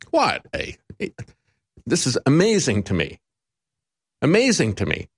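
Animated, emphatic male talk host. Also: mid-range voice, measured pace, long pauses, breathy edge. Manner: emphatic, indignant, sarcastic asides. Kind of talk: opinionated talk commentary.

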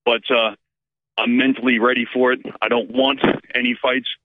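A man's voice: medium pitch, little pitch movement, normal speed, dry recording. A man calling in to a talk radio show, talking in a blunt, self-assured and boastful way. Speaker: caller. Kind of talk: call-in talk radio chat. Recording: tinny phone line.

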